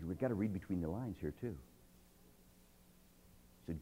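A man's voice: deep voice, moderate pace, pauses often, breathy edge, phone-quality sound. Male pastor, dramatic sermon, dynamic swings, church hall reverb. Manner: dramatic swings from hushed to loud.

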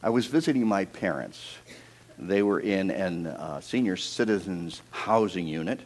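A middle-aged man from Pennsylvania preaching a sermon, telling stories and acting out the voices, swinging between loud bursts and hushed asides. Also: low-pitched, animated, measured pace. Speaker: pastor.

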